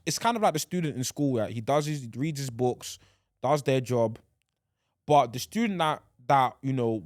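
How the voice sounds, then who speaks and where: Brief: young guy, solo podcast host, lively swinging delivery, dry close sound, rambly and excitable. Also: a little high, no echo. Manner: animated, rambling, restarts sentences often. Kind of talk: casual solo podcast chat.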